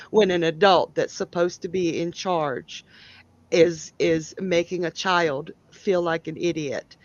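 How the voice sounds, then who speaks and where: Slow, chatty psychic tarot reader. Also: mid-range voice, no room sound, dull audio. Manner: chatty, giggly, blunt and opinionated. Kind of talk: live-stream tarot reading.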